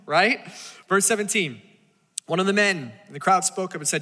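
A man's voice: high-pitched, brisk, sharp tone, long reverb tail. A man preaching a sermon as a pastor, talking casually and acting out voices as he tells the story.

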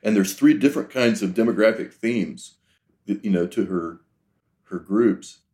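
A man's voice: on the low side, moderate pace, warm tone. A man hosting a podcast interview, speaking reflectively in extended metaphors. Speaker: podcast host. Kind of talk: conversational interview.

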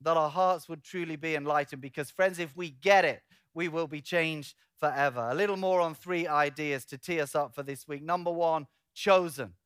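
A pastor delivers a sermon in a high, clear, resonant voice. He is animated and acts out imagined conversations, swinging from hushed to loud. The sound is close and dry, with no room around it. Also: moderate pace, hardly any pauses, no room sound. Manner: animated preaching, voices an imagined dialogue with shifting loudness.

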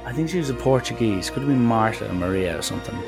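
A man's voice: mid-range voice, fast talker, gravelly, over music. A young man telling a casual, rambling anecdote and acting out the people in it. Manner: lively, jumps into quoted voices, rambling asides. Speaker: storyteller.

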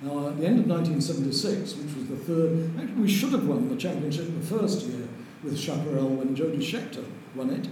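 An older man, telling lively anecdotes as an interview guest and chuckling through them. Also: fairly high pitch, brisk, hardly any pauses. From Lancashire, England. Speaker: interview guest, racing driver. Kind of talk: anecdotal storytelling. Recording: very echoey room with faint noise.

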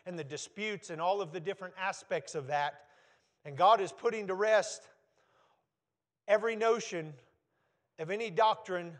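Brief: male pastor, slightly high voice, slow measured scripture reading turning emphatic. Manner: emphatic preaching, rising in force. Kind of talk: sermon.

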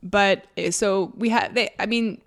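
A woman's voice: medium pitch, steady tone, unhurried. Chatty woman podcast co-host. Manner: chatty, laughs often, many fillers. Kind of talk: casual movie-review chat.

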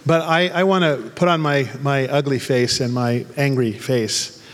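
A man's voice: mid-range voice, steady tone, unhurried, big-room sound. A man preaching a sermon as pastor, mixing humorous stories with fervent, angry calls to prayer. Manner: humorous storytelling turning to fervent, angry exhortation.

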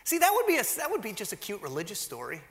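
A male pastor preaching a sermon, telling stories and acting out quoted lines with lively energy. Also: high-pitched, fast. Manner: animated storytelling, acts out quotes. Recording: long hall reverb.

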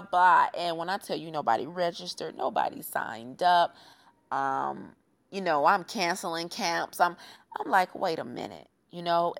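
Low-voiced emphatic woman. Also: a bit bright. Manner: emphatic, conversational, laughs often. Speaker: podcast host and fitness business founder. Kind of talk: casual solo podcast talk.

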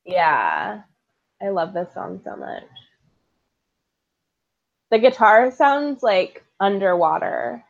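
A young woman co-hosting a casual chat, sounding sick and congested, talking softly with lots of "like" and giggles. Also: mid-range voice, sing-song, takes it slowly, vocal fry, pauses often, muffled recording. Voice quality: soft, giggly, filler-heavy. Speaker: podcast co-host.

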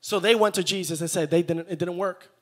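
A man preaching a sermon to a live church congregation, repeating phrases and building to loud, shouted peaks. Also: sits high, steady tone, a little fast. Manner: engages the congregation directly.

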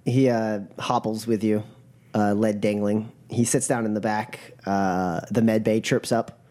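A man's voice: lowish voice, fairly even intonation, unhurried, darkish tone. A man narrating as game master of a tabletop role-playing game, loose and full of fillers.

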